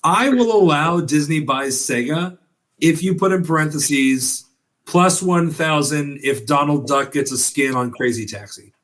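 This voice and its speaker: A man co-hosting a podcast, reasoning aloud in a measured way. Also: on the high side, fairly bright tone. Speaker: podcast co-host. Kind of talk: casual podcast chat.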